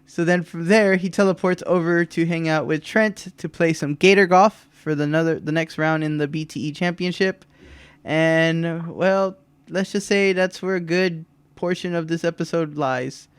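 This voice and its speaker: Podcast co-host, male; smooth, dry-recorded, playful recap voice that mimics the characters. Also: on the high side, moderate pace, no room sound. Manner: animated retelling, mimics wrestlers' lines with laughs. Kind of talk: casual chat recapping a wrestling show.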